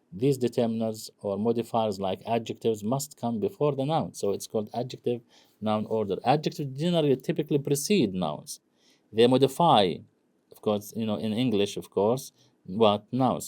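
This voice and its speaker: A man lecturing on English grammar, explaining slowly and filling pauses with "you know" and "okay?". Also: fairly low pitch, warm tone. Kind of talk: recorded classroom lecture.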